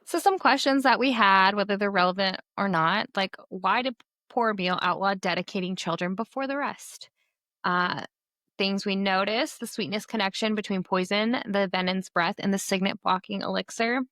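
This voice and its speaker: A woman's voice: medium pitch, moderate pace, a bit bright, no echo. A young adult woman co-hosting a podcast, chatting casually and with strong opinions about a book series. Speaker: podcast co-host.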